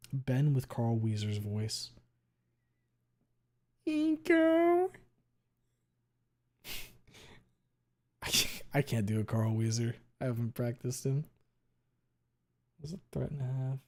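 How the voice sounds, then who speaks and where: A male streamer chatting casually with viewers, talking quickly and running words together, with a lot of swearing. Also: medium pitch, sing-song, darkish tone. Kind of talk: casual chat reading viewer messages.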